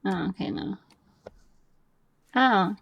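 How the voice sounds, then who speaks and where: A young woman chatting on a live stream while gaming, excitable and rambling, dropping swear words as she goes. Her voice carries a gravelly fry at mid pitch. The sound is dry and close, with no room around it. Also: slow, dry recording, muffled recording.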